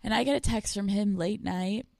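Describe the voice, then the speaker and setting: Young woman, podcast co-host, frank and foul-mouthed storyteller, mid-pitch voice, dry close sound. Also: moderate pace, creaky, dark tone, dry recording. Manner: candid, profane storytelling with quoted voices. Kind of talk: casual podcast chat. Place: small room, no producer present. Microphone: podcast microphone.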